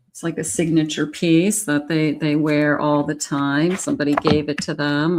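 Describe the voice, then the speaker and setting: A woman giving a casual tarot reading, thinking aloud in an unhurried way with many fillers. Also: fairly low pitch. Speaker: psychic tarot reader.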